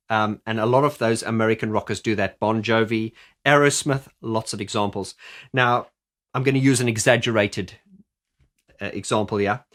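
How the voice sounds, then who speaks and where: A man's voice: medium pitch, a bit bright. A middle-aged man explaining singing technique as a vocal coach in a chatty video, often stumbling over restarts.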